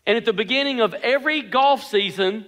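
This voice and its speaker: A man's voice: very high-pitched, fairly quick, fairly bright tone. A man preaching a sermon in an earnest, emphatic way, repeating his key phrases. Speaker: pastor. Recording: long hall reverb.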